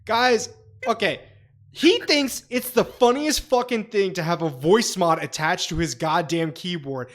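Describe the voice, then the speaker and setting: Male co-host, a bit higher-pitched, cussing storyteller, loose chatty delivery. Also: a little slow. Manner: profane, animated storyteller. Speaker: podcast co-host. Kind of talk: casual chat.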